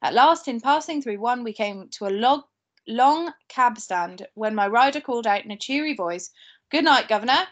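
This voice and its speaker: A woman teacher reads a novel aloud to her class in a steady, unhurried way. Her voice sits a little high, and she corrects small slips as she goes. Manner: steady reading with occasional slips and asides. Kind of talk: reading a novel aloud to pupils.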